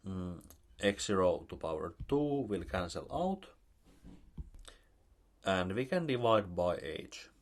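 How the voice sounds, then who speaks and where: A man with a Finnish accent giving a recorded math lecture, explaining step by step with many pauses and fillers. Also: lowish voice. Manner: slow, halting, with many fillers.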